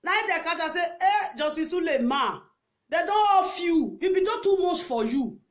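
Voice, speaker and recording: Here the same kind of angry commentary comes at normal speed: a woman with a Nigerian accent and a very high, expressive voice rants heatedly. Scolding and repeating herself again and again, she bursts into shouts and laughter.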